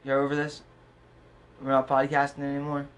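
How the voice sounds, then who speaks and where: A man's voice: mid-range voice, completely flat delivery, a little fast. A young man co-hosting a podcast, bantering with mock drama and frequent swearing. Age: young adult. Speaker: podcast co-host. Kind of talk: casual chat.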